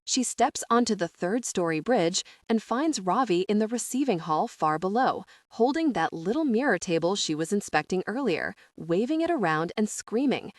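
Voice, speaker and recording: A woman's voice: mid-range voice, animated, moderate pace, hardly any pauses, no echo. Woman narrating an audiobook, dry close sound. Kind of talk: scripted narration.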